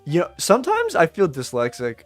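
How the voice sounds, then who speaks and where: A man's voice: a little high, huge pitch swings. A young man hosting a trading livestream, reading viewer comments aloud in loose, joking slang. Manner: loose, joking, slangy, reacts to chat with quick laughs. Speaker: livestream day trader. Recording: faint music behind the voice.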